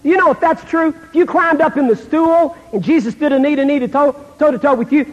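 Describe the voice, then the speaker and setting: In a long-reverberating hall, a man from the American South delivers a sermon in a very high, brisk voice, and the recording's highs are cut off. He performs dramatically, voicing the people he quotes and sinking nearly to a whisper as he does.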